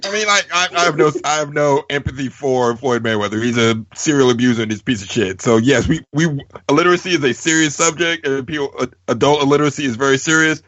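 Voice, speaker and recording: A man's voice: medium pitch, quick pace, few pauses, fairly bright tone, no echo. A man guest in a casual podcast chat, wry and blunt. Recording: dry, dull lo-fi sound.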